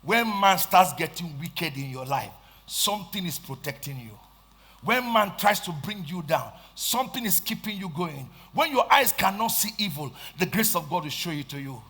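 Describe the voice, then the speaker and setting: A man with a Nigerian accent preaching a sermon, swinging between shouted lines and hushed asides and repeating phrases for emphasis. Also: high-pitched, very animated, moderate pace, breathy edge. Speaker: pastor.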